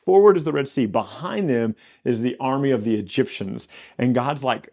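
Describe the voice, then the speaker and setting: A male Bible teacher on a podcast with a gravelly, creaky texture at a middle pitch. He talks in a loose, conversational way and often restarts his sentences as he goes. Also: normal speed, hardly any pauses, mellow. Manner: conversational, self-correcting.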